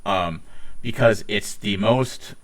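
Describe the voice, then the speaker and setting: Rambling Ohio man, low voice. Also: slow pace. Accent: Ohio with some Northeastern US traits. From Ohio, United States. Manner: rambling, many "like"s and restarts, swears casually. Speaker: podcast co-host. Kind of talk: casual chat.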